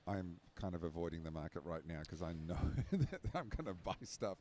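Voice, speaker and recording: Low-voiced man co-commentating. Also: very animated, normal speed, darkish tone, slight background noise. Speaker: roller derby co-commentator. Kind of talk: live sports commentary.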